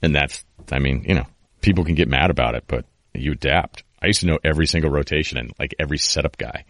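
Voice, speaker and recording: Low-voiced rambling man hosting a podcast. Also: quick pace, a bit bright, dry recording. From New England. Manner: rambling, storytelling with many fillers and restarts. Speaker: podcast host. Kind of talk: casual podcast talk.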